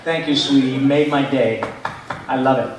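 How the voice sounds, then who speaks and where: A middle-aged voice actor from Michigan, USA, chats and jokes while answering fan questions at a convention panel Q&A in a large hall. His medium-pitched voice is steady at normal speed, picked up from far off in the echoey hall with heavy background noise.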